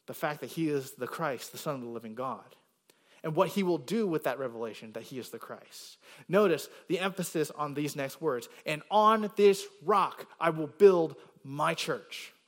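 Man preaching with rising emphatic stresses. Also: on the high side. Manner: explanatory, rising emphasis on quoted words, frequent "right?" checks. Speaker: pastor. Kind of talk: sermon teaching.

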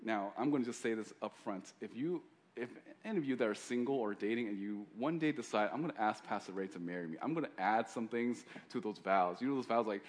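A man's voice: medium pitch, a little fast. A male pastor preaching a sermon in a joking, conversational way.

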